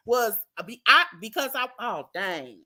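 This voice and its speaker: Bright animated woman recapping. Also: a little high, a little slow. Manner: animated, trailing restarts. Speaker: recap show co-host. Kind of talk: casual reality TV recap chat.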